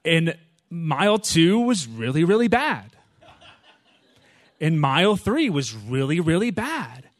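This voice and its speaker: A male preacher talks to his audience in an easygoing, lively sermon style. His voice sits a bit high for a man. The sound is dry and close. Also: slow pace, long pauses, no echo. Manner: animated, acts out his own prayers with rising intensity; informal, frequent "you know" and "right?" asides to the audience. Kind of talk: conversational sermon.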